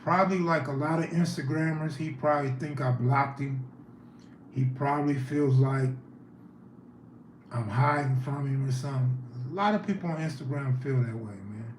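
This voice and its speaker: In an echoey room with a little background noise, a male livestream host talks casually and reacts to what chat is saying. His pitch is medium and his pace moderate.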